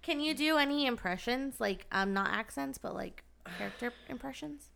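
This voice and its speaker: A young woman with a bright, slightly gravelly voice fires off eager, giggly questions in relaxed conversation. Her pitch sits a little high, with faint noise in the background. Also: normal speed. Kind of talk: casual chat.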